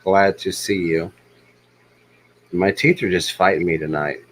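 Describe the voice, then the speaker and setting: A man hosting a casual fish-keeping livestream, talking in a relaxed, rambling way with many pauses and ums. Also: low voice, husky, rough recording. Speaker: livestream host.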